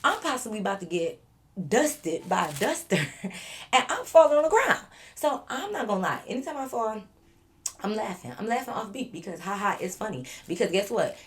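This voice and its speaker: Woman vlogger, mid-pitched, animated storyteller who laughs often and acts out quotes. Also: a little fast. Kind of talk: storytime narration.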